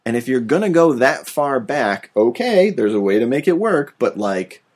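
A man's voice: mid-range voice, big pitch swings, normal speed. A man hosting a casual podcast, talking about films in a rambling, profane way. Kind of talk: casual film chat.

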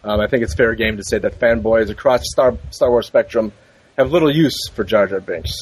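Husky-voiced rambling male podcast host. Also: lowish voice, brisk, poor audio. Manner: rambling, joking, many restarts. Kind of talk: casual podcast banter.

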